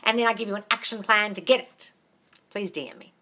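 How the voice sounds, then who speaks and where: This is a woman running a live question-and-answer stream as a manifestation coach, speaking into her phone. Her voice is bright and forward, and she stays upbeat and encouraging. She calls her listeners "darling" and swears freely in a casual way. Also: mid-range voice, fairly quick. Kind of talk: live-stream Q&A, reading viewer comments. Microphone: phone camera.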